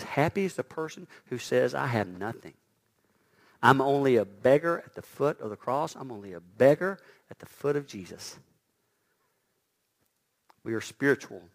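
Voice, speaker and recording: A man preaching a sermon who swings from loud emphatic lines to hushed, near-whispered quotes, and stumbles over repeated words when excited. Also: medium pitch.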